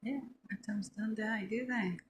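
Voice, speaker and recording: A woman whose first language is Czech, chatting casually with quiet, short replies. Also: medium pitch, a little slow, a little hiss or hum. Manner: quiet, brief replies and backchannels. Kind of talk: casual chat.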